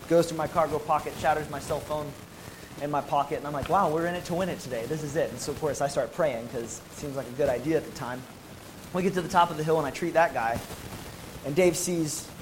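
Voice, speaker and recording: American man, former Marine, slightly high voice, emphatic testimony storyteller. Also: background noise. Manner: animated, emphatic storytelling with casual slang. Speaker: former Marine medic telling his story. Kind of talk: personal testimony to an audience.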